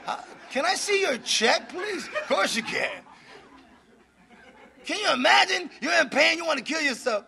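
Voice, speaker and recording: A man's voice: very high-pitched, lively intonation, normal speed, vocal fry, a crowd in the background. A middle-aged man giving a fiery preaching-style talk at a recovery meeting, exhorting the room and breaking into laughter.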